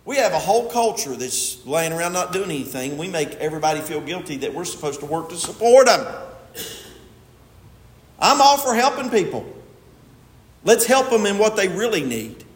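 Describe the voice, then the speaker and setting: Emphatic preacher in echoey hall. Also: male voice, high-pitched, very animated, normal speed. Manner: emphatic, swings from loud stresses to quiet asides. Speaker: pastor. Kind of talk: sermon. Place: church sanctuary. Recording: echoey hall with long reverb.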